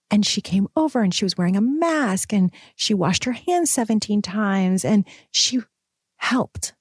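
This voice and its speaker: Thirties woman vlogger, animated and chatty, husky tone, dry recording. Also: mid-range voice, no room sound. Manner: animated, expressive, swings between excited and soft. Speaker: mom vlogger and women's coach. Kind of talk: casual personal vlog.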